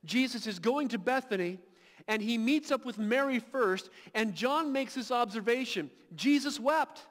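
A man preaching a sermon as pastor, impassioned and emphatic, building to loud peaks and often repeating words as he restarts. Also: extremely high pitch, moderate pace. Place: large church hall. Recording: long reverb of a church hall.

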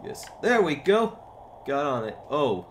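A man's voice: fairly high pitch, sing-song, a little slow, slight background noise. A man streaming a video game, who exclaims at the game and teases his brother in casual chat.

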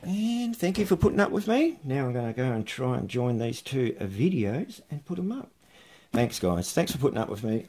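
Gravelly man, very animated. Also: mid-range voice, normal speed, slight background noise. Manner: chatty, mutters asides to himself. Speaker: electronics hobbyist vlogger. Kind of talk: casual unboxing chat.

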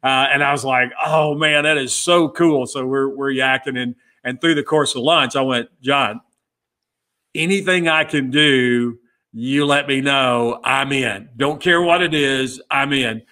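A middle-aged man with a bright, forceful voice tells a story as a podcast guest. He slips into the voices of the people he quotes and keeps the tale moving in an easy, conversational way. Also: medium pitch, a little slow. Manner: lively storyteller who acts out quoted dialogue. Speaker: guest, former pit crew member. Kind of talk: casual storytelling interview.

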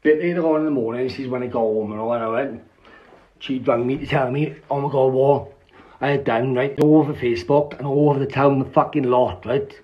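A man's voice: mid-range voice, steady tone, brisk. Man, rambling casual storytelling, constant swearing, dull lo-fi phone audio. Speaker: social media storyteller.

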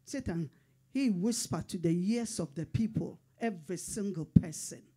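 A woman's voice: on the low side, moderate pace, dark tone, breathy edge. A middle-aged woman pastor preaching a sermon in short, fervent, repeated declarations.

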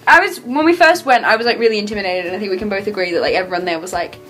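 A woman's voice: mid-range voice, rapid-fire, fairly bright tone, soft background music. A young woman with an Australian accent, chatting casually and rambling with lots of fillers as a vlogger. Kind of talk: casual chat.

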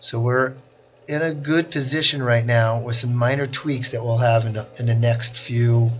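A man teaching a software class, walking through each click step by step in a screen-recorded tutorial. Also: medium pitch, fairly even intonation, moderate pace, lo-fi sound, a little hiss or hum. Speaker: instructor.

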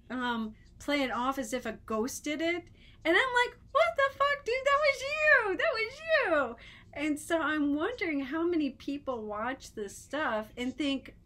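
A woman chatting casually to camera, telling funny stories with lots of fillers and restarts, and often laughing. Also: fairly high pitch. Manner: giggly, animated, breaks into laughter. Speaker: vlogger.

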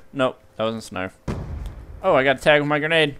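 A young man giving live gameplay commentary as a video host, excitable and yelping at sudden action. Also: medium pitch, normal speed, a little hiss or hum.

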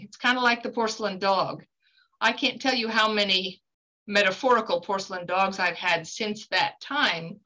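Woman, guest medium, bright voice, earnest and animated, mid-pitch. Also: poor audio. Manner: earnest, animated storyteller with emphatic pitch swings. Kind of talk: conversational teaching talk.

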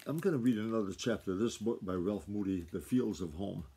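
An older man from Maine reading a novel aloud to his family, relaxed and conversational, with asides of his own. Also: fairly low pitch, a little fast, husky. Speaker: reader.

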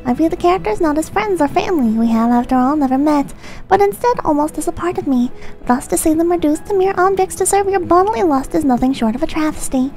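A woman streamer reading viewer messages in a soft, close-miked ASMR voice, irreverent and prone to swearing, shifting into a mock-solemn reading tone. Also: sits high, animated, fast. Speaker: streamer host.

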